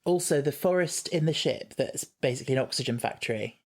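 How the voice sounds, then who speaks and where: A playful man co-hosting a podcast, giggling and teasing in easygoing banter. His voice sits at a middle pitch, warm with encouragement. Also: a little fast. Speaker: podcast co-host. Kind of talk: casual chat.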